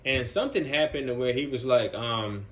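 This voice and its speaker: A man's voice: mid-range voice, normal speed, a bit bright. A man working as a group home counselor tells a story in a loose, conversational way, full of "man" and "you know". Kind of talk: casual storytelling vlog.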